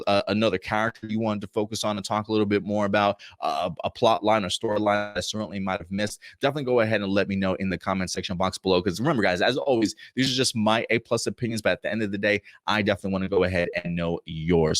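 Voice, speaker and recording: A man's voice: on the low side, fast talker, few pauses, no echo, clean studio sound. A man hosting a show where he reviews TV episodes, talking casually with enthusiasm and rambling through many restarts.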